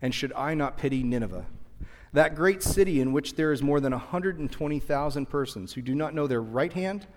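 A man preaching a sermon and teaching from the pulpit, lively and conversational, briefly acting out the people in the story. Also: a little high, a little fast, in a large hall. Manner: animated, acts out voices of people in the story. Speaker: pastor.

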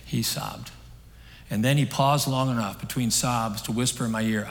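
A male preacher delivering a sermon from a stage, his voice sitting at an ordinary middle pitch. He talks in an earnest, conversational way, pressing hard on key points and then dropping almost to a hush. His words trail off into the long reverb of a large hall. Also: fairly even intonation, normal speed. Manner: earnest, conversational storytelling, swinging between emphatic and hushed.

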